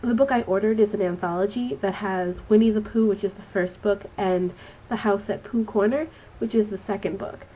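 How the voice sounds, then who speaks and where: A woman's voice: medium pitch, fairly even intonation, normal speed, few pauses, dark tone, low-quality recording. A woman in her twenties with a stuffy, nasal voice from allergies, giving a rambling, casual book review on her vlog. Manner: chatty and rambling, with frequent ums. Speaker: student teacher reviewing a book.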